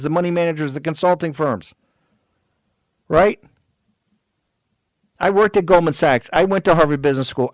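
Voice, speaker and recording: An older man in his sixties hosts a political radio show in a fiery, ranting monologue, raising his voice and piling up repeated insults. His voice sits a little high for a man. The sound is dry and close. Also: no echo.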